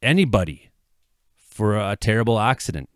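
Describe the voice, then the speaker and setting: Man, low voice, clear and smooth, dry close sound, earnest, halting, swearing vlogger. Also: animated, dry recording. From Canada. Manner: earnest, halting, swears, rises to impassioned outbursts. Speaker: local weather vlogger. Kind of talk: emotional apology monologue. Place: his home.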